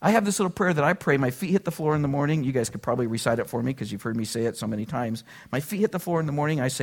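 A man's voice: medium pitch, racing, hardly any pauses. A male pastor preaching a sermon to his congregation in a casual, conversational way, full of asides and rhetorical questions. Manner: conversational, animated, frequent "like" and "right?".

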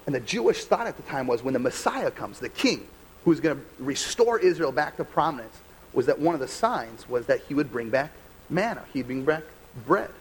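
A young adult American man, a pastor giving a conversational, animated sermon full of rhetorical questions. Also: medium pitch, normal speed, slight background noise, rough recording. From United States.

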